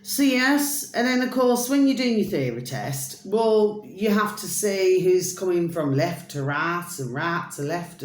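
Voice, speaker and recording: Speaking in a fairly low, reverberant voice, a woman with a British accent vlogs straight to camera. Her talk is a meandering, chatty monologue full of favourite phrases and sing-song little asides.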